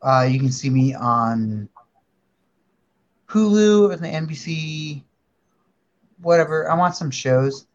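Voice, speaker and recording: A man's voice: a little high, slow, long pauses, highs cut off. A man, an actor guest on a chat show, joking in an offhand way. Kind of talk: casual video chat.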